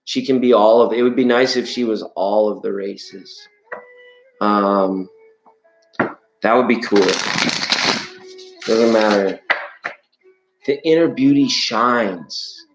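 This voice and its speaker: A man's voice: on the low side, fairly even intonation, slow pace, vocal fry, pauses often, over music. Playful man in an echoey room. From Canada. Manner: playful, chatty, breaks into sung scales. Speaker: live-stream tarot host. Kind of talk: casual live-stream chat reading viewer comments.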